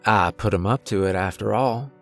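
A man voicing a gruff, weary outlaw from the Old West who talks in a rough frontier drawl, blunt and bitter, in a horror storybook reading. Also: fairly low pitch, moderate pace, faint music behind.

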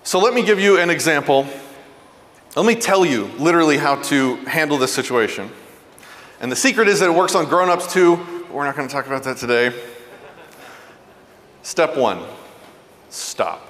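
A man giving a parenting talk, telling stories earnestly and going soft and low for tender points. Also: moderate pace, pauses often, big-room sound. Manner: earnest, animated storyteller, drops soft and low for tender moments. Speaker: parenting speaker. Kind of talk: motivational talk.

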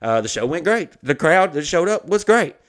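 A man's voice: a little high, big pitch swings, moderate pace. Swearing man telling a story. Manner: heated, swearing, acts out quoted people. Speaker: comedian podcast host. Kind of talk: profane comedic storytelling.

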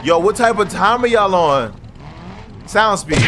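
Excitable young man yelling over engine noise. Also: high-pitched, unhurried. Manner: excitable, profane, yelling at other players. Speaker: gaming streamer. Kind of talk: casual gameplay commentary. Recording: loud game engine noise behind. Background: car engine and game sounds.

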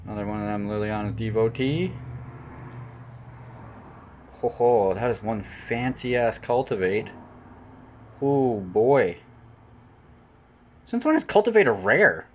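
A man's voice: lowish voice, slow pace, pauses often, a little hiss or hum. Chatty man unboxing cards, lo-fi. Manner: chatty, jokey, prone to excited outbursts. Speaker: channel host unboxing cards. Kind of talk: casual unboxing commentary. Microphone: off-camera voice-over mic.

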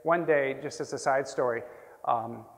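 A man in his sixties, a printmaker, telling rambling, animated anecdotes to an audience. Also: mid-range voice, measured pace. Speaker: printmaker telling stories at a talk. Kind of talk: casual storytelling to an audience. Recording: roomy hall with long reverb.

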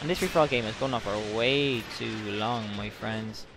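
A young man giving casual gameplay commentary, excitable and swearing often, with sudden outbursts. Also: mid-range voice, normal speed, noisy background. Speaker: gaming channel host.

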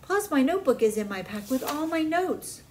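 A woman's voice: high-pitched, sing-song, normal speed, a little mellow, slight background noise, voice pushed up. A woman voicing a cautious, worried young boy who calls out urgently in a storybook. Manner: urgent, breathless cries.

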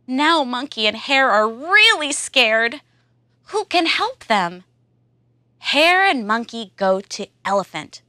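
A woman telling a story to young learners in clear, slow, expressive scripted narration. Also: mid-range voice, no echo, studio quality. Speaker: storyteller for children.

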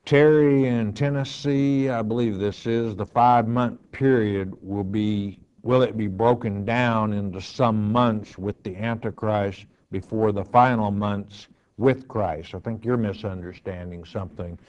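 A male pastor answering listener questions in a slow, measured, firm and matter-of-fact way, teaching from the bible. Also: lowish voice, steady tone, darkish tone, clean tone, lo-fi sound.

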